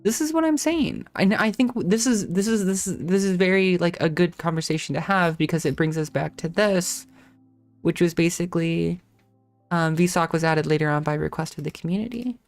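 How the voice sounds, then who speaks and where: A woman's voice: fairly low pitch, moderate pace, darkish tone, soft background music. A woman hosting a casual live-stream tech talk, thinking aloud with restarts, self-corrections and casual swearing.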